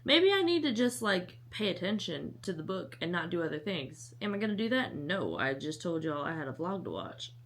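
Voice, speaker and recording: A woman's voice: on the low side, sing-song, normal speed, few pauses. Chatty young woman vlogging about books. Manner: chatty, self-mocking, rambling asides. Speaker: book vlogger. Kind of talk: casual chat to camera.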